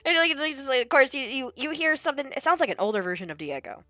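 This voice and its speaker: A woman's voice: high voice, big pitch swings, quick pace, a bit bright, no room sound, clean studio sound. A young woman narrating as the game master of a tabletop game, chatty and casual, with many filler words. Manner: chatty, lots of "like" fillers, laughing.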